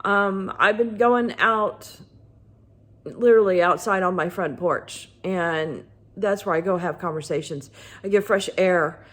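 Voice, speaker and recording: Middle-aged woman, husky lowish voice, candid vlogger, halting and paused. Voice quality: husky morning voice. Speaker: artist vlogger. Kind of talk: casual personal talk to camera.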